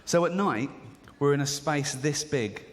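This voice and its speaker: On a big theatre stage, a comedian from England performs a stand-up routine, telling conversational stories and acting out characters. His voice is a little high, animated and a little slow. The recording carries live reverb, faint crowd ambience and a little hiss or hum.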